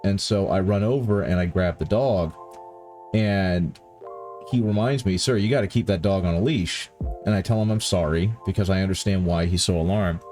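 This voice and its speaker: Soft music plays behind a low-pitched, darkish male voice at a moderate pace. The speaker is a livestream host from the countryside, painting miniatures and chatting with viewers in a tired, rambling way, often correcting himself.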